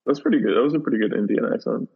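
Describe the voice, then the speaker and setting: A man's voice: mid-range voice, racing, vocal fry, slightly rough. A man co-hosting a comedy podcast in casual, rambling chat with lots of filler words. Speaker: podcast co-host. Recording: dull lo-fi with long reverb.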